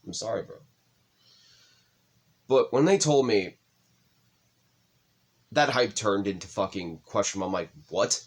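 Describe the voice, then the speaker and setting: A man's voice: lowish voice, slow, pauses often. A young man co-hosting a casual chat, telling a personal story with swearing, his voice rising when stirred up. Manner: emotional, swears often, voice rises when excited. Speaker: podcast co-host.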